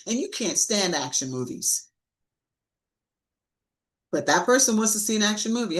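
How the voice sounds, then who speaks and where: A woman giving a live-streamed sales training talk, coaching with lively emphasis and acting out sample lines to clients. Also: medium pitch, moderate pace, pauses often, low-quality recording.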